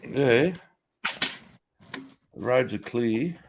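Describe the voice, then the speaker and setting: A middle-aged man with an Australian accent rambles through a casual livestream from his home office. His voice is gravelly and rough at the edges, and his talk is loose, profane and quick to laughter as he riffs on the chat. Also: mid-range voice, animated, background noise. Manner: profane, jokey, laughs often, reacts to chat. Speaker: livestream host.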